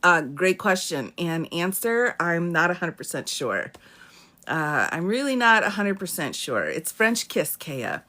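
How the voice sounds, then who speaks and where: Her lowish voice is pushed and bright, very animated but measured in pace, as this woman attorney hosts a live question-and-answer stream. Chatting casually over a phone or webcam, she reads comments, greets viewers by name, and often laughs.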